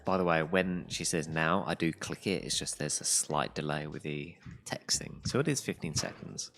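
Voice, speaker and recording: A man's voice: extremely low pitch, animated, moderate pace, a bit bright. A man keeping time on a workout stream, counting down and making dry, teasing jokes. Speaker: co-host and timekeeper.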